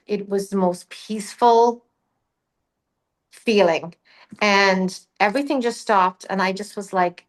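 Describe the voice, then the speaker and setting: A middle-aged Irish woman, a guest on a talk show, telling a personal story in a lively, animated way. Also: mid-range voice. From Ireland. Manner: animated, vivid storyteller, acts out her own past words. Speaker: guest, psychic medium. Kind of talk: casual storytelling.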